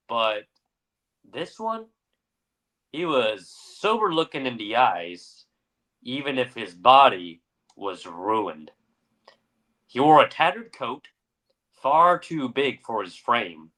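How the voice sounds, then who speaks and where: A man's voice: mid-range voice, pushed and bright. A young adult man co-hosting a podcast, narrating a story dramatically and then chatting casually with fillers. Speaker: podcast co-host. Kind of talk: story reading and casual chat.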